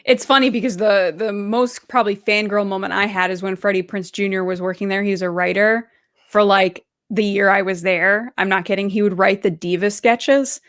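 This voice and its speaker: Woman telling lively anecdotes, dry sound. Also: medium pitch, moderate pace, no echo. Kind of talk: casual chat.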